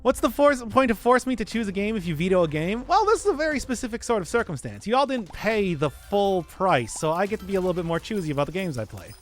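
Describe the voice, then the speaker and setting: High, lively-voiced teasing male streamer. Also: fast, hardly any pauses, faint music behind. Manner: wry, teasing banter with chat. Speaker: streamer reading chat requests. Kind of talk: casual live-stream chat.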